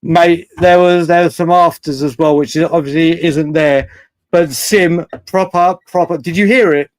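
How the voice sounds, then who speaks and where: A man hosts a late-night live fan show. He is chatty and rambling, laughs often and swears freely. His voice sits a little high, and the sound is dry and close. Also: fairly even intonation, a little slow, dry recording.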